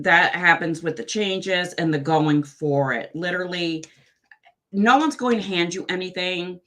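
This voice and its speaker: Low-voiced frank woman giving readings. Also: fairly bright tone. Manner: frank, affectionate, direct advice; chatty, asides to viewers. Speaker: tarot reader. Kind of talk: live-stream psychic reading.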